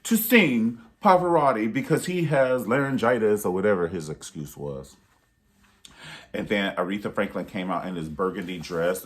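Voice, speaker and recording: A YouTube reviewer in his thirties hosts a relaxed review vlog, telling stories with animated energy. He jumps into high-pitched voices whenever he acts out quotes.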